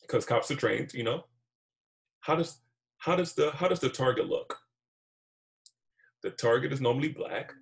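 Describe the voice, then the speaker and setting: Man, gravelly voice, stammers, repeats words, earnest, podcast talk. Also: mid-range voice. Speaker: podcast co-host. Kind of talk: heated podcast conversation.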